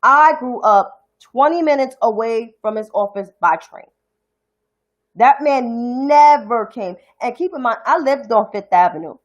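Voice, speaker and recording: New york woman ranting on her livestream, blunt and cussing, kinda high voice. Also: animated, a little slow, dull audio. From New York City (Harlem). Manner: blunt, profane, indignant ranting. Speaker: commentary show host. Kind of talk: casual livestream commentary.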